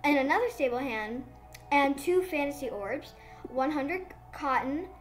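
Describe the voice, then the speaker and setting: A woman giving excited, casual commentary on her game, gushing and babbling breathlessly into a phone mic. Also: high voice, a little slow, faint music behind. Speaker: gaming vlogger.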